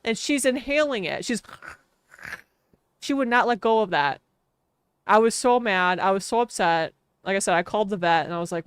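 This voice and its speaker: A young woman streamer chats casually over her game in a smooth, clean voice. She rambles through self-mocking stories, and the sound is dry and close with no room around it. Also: mid-range voice, moderate pace, no room sound. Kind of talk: casual chat while streaming a life-sim game.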